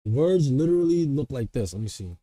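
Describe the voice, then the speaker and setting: A man's voice: mid-range voice, big pitch swings, brisk, warm tone, no room sound, studio quality. A young man, a streamer, chatting casually and rambling in slang to his viewers, often mocking himself. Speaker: streamer reacting to a video.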